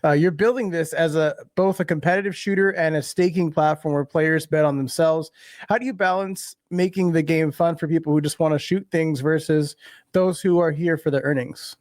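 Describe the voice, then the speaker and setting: Higher-voiced joking male host, dry sound. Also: fairly even intonation, moderate pace, darkish tone, no room sound. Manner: joking, laughs easily. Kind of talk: live show hosting.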